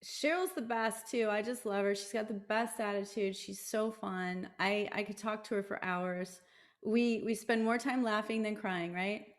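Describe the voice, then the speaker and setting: Female host, effusive and chatty, medium pitch. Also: moderate pace. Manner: effusive, gushing reactions. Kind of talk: casual interview talk.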